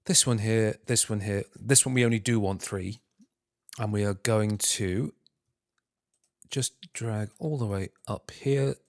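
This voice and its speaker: Man, low voice, tutorial narration, mutters to himself, hums between steps, dry close sound. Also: a little slow, no room sound. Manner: muttering to himself, humming filler syllables while working; self-deprecating, talking through steps. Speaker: tutorial host. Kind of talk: screen-recorded software tutorial.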